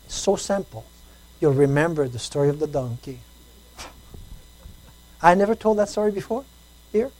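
A woman preaching a sermon, telling a story, repeating phrases and swinging between loud emphasis and quiet talk. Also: low-pitched, animated, moderate pace, long pauses, rough recording.

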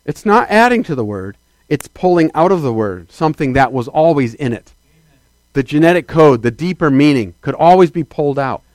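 A man's voice: fairly high pitch, sing-song, moderate pace, dry recording. Emphatic preaching pastor, man. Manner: emphatic preaching, swinging between loud declarations and quiet asides; calls out to the congregation for affirmation. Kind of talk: sermon.

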